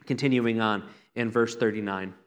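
A man's voice: lowish voice, steady tone, moderate pace. A man, a pastor, giving an earnest, conversational sermon with repeated phrases. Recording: long reverb from a hall.

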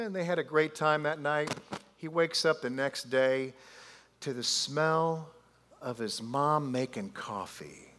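Slow-talking preacher in an echoing hall. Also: male voice, on the high side. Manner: animated storyteller, drawn-out pauses and asides. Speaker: pastor. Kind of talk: sermon storytelling. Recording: long hall reverb.

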